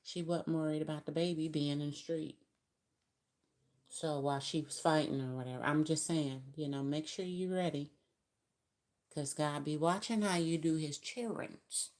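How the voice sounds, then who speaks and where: Woman, low voice, chatty live-stream tarot reader with emphatic spiritual asides. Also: moderate pace, darkish tone.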